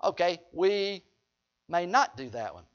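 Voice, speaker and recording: A man's voice: sits high, sing-song, a little slow. A man preaching a sermon in a folksy way, joking with the congregation. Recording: dull lo-fi recording.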